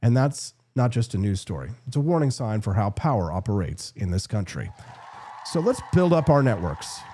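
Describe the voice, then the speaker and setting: A man hosting a political commentary show, talking in emphatic, repeated rhetorical punches, his voice going hoarse. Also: fairly low pitch, sing-song, normal speed, mellow. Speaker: host.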